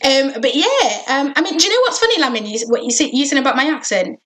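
Young English woman, high voice, giggly and animated, casual podcast chat. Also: fast. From England. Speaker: podcast co-host.

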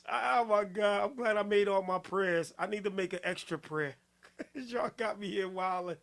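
A man hosting a music-review show in casual live-stream talk, laughing constantly, shouting "hey, yo" and repeating himself. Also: high voice, moderate pace, creaky. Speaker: podcast host reviewing music.

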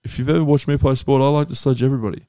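A man's voice: medium pitch, fairly even intonation, racing, dark tone, smooth, dry recording. Man, dry close sports chat. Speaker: podcast co-host.

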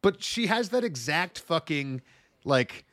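A man co-hosting a casual movie discussion podcast, talking in an animated way and swearing freely. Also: fairly high pitch, slow pace, no room sound. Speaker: podcast co-host.

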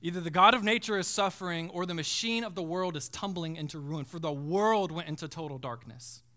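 A man preaching a sermon as pastor, dropping to a hush and then swelling to loud cries. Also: on the high side, a little fast. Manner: preaching with dramatic swells from hushed to shouting.

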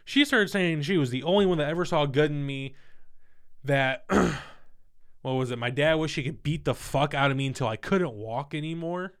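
A young man in his twenties telling a personal story in casual, profane, animated talk. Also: fairly high pitch, moderate pace, smooth. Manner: candid, profane, animated retelling.

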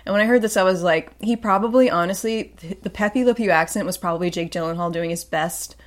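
A woman with a fairly low voice co-hosts a podcast in loose, casual chat. She is jokey and chatty, and she slips into voices when she tells a story. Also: fast. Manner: chatty, jokey, acts out voices in her stories. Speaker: podcast co-host.

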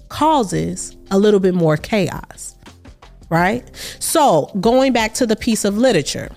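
A woman hosting a solo podcast in a reflective way, asking repeated emphatic rhetorical questions. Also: medium pitch. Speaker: podcast host.

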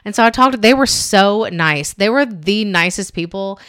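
In a casual storytelling chat, this woman co-hosting a podcast rambles on, leaning heavily on "like" and performing the quotes she recounts. She speaks at normal speed with an expressive, medium-pitched voice that's a bit bright, clear, and resonant, in studio-quality audio without echo.

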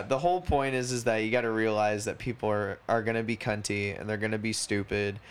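A man's voice: fairly low pitch, smooth. A young man co-hosting a podcast in casual chat, blunt and profane, rambling through his points. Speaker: podcast co-host.

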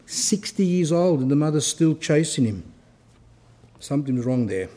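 A man's voice: fairly high pitch, expressive, moderate pace, dark tone. A man giving an informal religious talk, telling anecdotes and acting out the dialogue. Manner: conversational storytelling, acts out dialogue.

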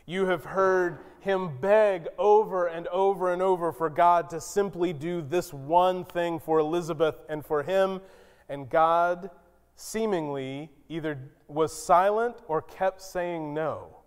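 Slow-talking pastor in a reverberant hall. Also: male voice, smooth. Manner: acts out biblical quotes with sudden high, loud bursts. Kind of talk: sermon.

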